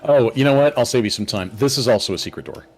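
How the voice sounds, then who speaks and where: A man's voice: mid-range voice, animated, fast, faint music behind. Hesitant, rambling male game master. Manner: hesitant, full of fillers. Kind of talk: narrating a tabletop game.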